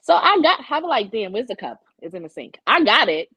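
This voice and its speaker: A young woman co-hosting a podcast swears freely while candidly recounting her dating stories in casual chat. Her voice is on the high side, with big pitch swings, a brisk pace, and a bright, forceful tone with a breathy edge. The recording is dry, with dull lo-fi sound.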